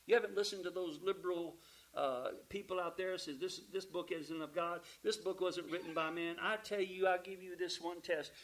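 A man's voice: fairly even intonation, normal speed, poor audio. Emphatic preacher, man. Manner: emphatic preaching with rhetorical questions and calls of amen; swings between loud emphatic peaks and low quiet asides. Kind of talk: sermon.

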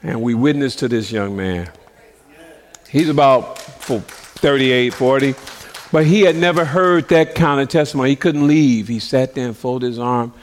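A man's voice: medium pitch, moderate pace, a little hiss or hum. A middle-aged man preaching, telling a story and acting out the voices of the people in it, laughing as he goes. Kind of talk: sermon storytelling.

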